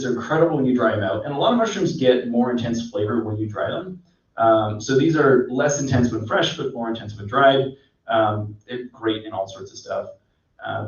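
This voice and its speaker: A man, a mycologist guest, explaining in a relaxed, rambling way with many fillers. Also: medium pitch. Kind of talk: casual explanatory chat. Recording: echoey, distant, dull sound.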